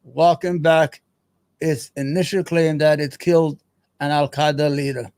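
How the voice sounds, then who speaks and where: A fairly high-pitched man hosts a live stream, reading headlines aloud and breaking off into profane, sarcastic rants. His voice sits close and dry on the mic, with no room sound around it. He rambles and talks back at the news as he goes. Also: fairly even intonation, unhurried, darkish tone, dry recording. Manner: mutters to himself between headlines. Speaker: streaming show host.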